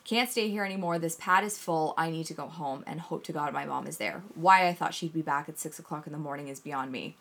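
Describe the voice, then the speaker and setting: A woman co-hosting a casual podcast chat, telling a story in an animated way and swearing often. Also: deep voice, brisk, gravelly, hardly any pauses. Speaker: podcast co-host.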